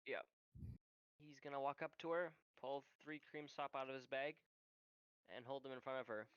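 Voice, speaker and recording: A woman player voicing her dwarf character in a tabletop game, terse and deadpan. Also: very deep voice, moderate pace, clear, resonant tone, dry recording, lo-fi sound. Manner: terse, deadpan, few words.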